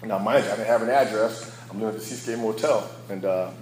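A man's voice: fairly low pitch, fast, darkish tone, reverberant, a little hiss or hum, poor audio. A man sharing his personal recovery story as a candid, storytelling speaker who laughs at his own past. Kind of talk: personal testimony talk.

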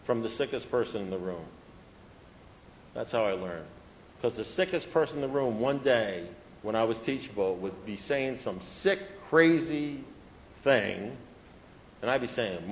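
Poor audio with a little hiss or hum carries a man's recovery story, told to an audience at a moderate pace. His mid-range voice is expressive, and his style is funny, self-deprecating, and chatty, with phrases repeated for rhythm.

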